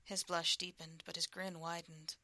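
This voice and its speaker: Hushed woman with a low gravelly voice. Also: level tone, no echo. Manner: hushed, slow, intimate. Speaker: storyteller. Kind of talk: whispered role-play.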